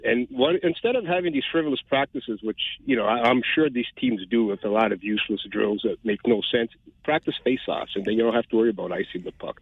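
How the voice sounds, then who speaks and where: A man's voice: on the low side, slightly rough, no echo. A man calling into a radio show, rambling and opinionated, stumbling over his words. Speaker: caller. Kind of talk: phone-in rant. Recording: tinny phone line.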